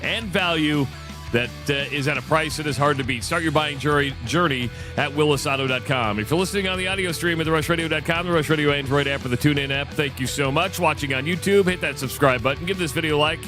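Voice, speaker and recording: A man's voice: a little high, fast talker, music in the background. A chatty man co-hosting a radio show who reads ads and talks casually with many restarts. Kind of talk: casual radio chat and ad read.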